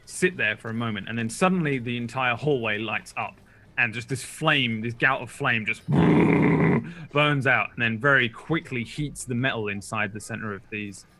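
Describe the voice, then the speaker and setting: A man narrating a tabletop game as game master, relaxed and rambling with filler words. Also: medium pitch, normal speed.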